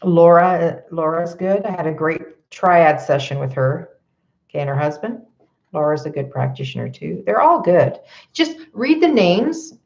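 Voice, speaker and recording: A woman's voice: fairly low pitch, highs cut off. A woman healer doing a live card reading, advising viewers in a conversational way, often checking in with "okay?" and laughing lightly. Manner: laughs lightly between points.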